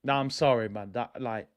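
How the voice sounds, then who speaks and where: A young man hosting a fan channel, ranting in casual slangy commentary. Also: medium pitch. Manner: animated, slangy, ranting with laughs. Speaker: football fan channel host.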